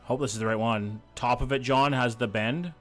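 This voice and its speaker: Faint music plays behind a man whose mid-range voice stays steady at a moderate pace. He's streaming a geography game, casually talking and reading out chat, swearing often and sounding a little sick.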